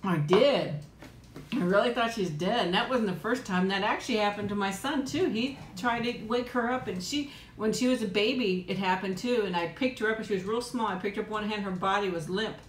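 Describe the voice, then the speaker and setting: A woman chats through a casual eating livestream at home, wandering from thought to thought and laughing easily. Her voice sits at an ordinary middle pitch. The room around her is noticeably echoey, with a faint hum of ambience underneath. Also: brisk. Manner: chatty and rambling, laughs often. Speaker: livestream host. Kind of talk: casual live-chat eating stream.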